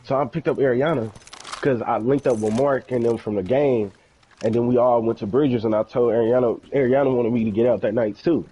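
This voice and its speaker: Young male streamer, casual storyteller, profane and animated, acting out the other voices, faint background noise. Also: medium pitch, brisk, rough recording. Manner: animated, profane, acts out quoted dialogue.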